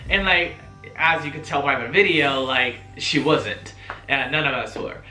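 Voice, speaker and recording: A young man telling a story-time vlog in a chatty, animated way, full of fillers and swearing. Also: a little high, unhurried. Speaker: vlogger. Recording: roomy echo, faint music.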